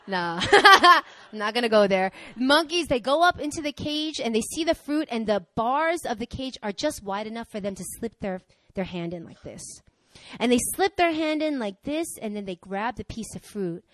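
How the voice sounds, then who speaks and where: A young woman preaching a sermon, conversational and energetic, swinging from loud exhortation to quiet asides. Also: fairly high pitch, moderate pace, no echo.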